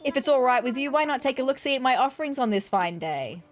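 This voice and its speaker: A cheerful male shopkeeper from a cozy game welcomes customers with friendly sales patter, as a woman reads his lines. The voice sits a little high and bright. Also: expressive, quick pace. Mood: welcoming. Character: cheerful male shoe-shop keeper, friendly.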